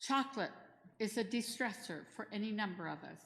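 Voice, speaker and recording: In an echoey church hall with long reverb, a middle-aged woman gives a chatty, practical disaster response training talk, mixing in personal stories. Her mid-range voice is gravelly, animated, and a little fast.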